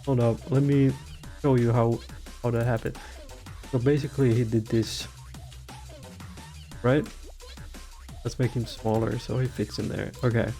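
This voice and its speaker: A man's voice: mid-range voice, level tone, unhurried, pauses often, mellow, faint music behind. A man giving an irreverent, profane, rambling comedy rant about game lore, with giggly asides. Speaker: video creator.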